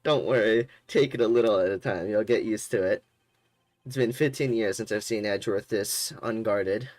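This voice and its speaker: A man voicing an easygoing young defense attorney who talks in a relaxed, friendly way. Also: lowish voice, moderate pace, dry recording, close to an everyday voice.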